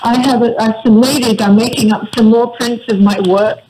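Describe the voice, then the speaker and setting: A woman's voice: a little high, fairly even intonation, moderate pace. Older woman, British accent, gracious radio guest, laughs often, noisy line. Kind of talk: phone interview on a radio show.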